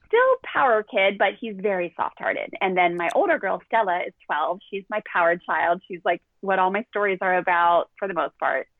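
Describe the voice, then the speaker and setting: A woman's voice: medium pitch, no echo. Woman coach on a tinny phone line. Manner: candid, animated, acts out quotes. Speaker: parenting coach guest. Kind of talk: podcast conversation, storytelling.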